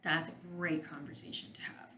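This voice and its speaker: A woman's voice: low voice, level tone, normal speed, bright, forceful tone, roomy sound, whispered, low-quality recording. A woman, a couples therapist and podcast host, giving frank, direct advice in a solo monologue.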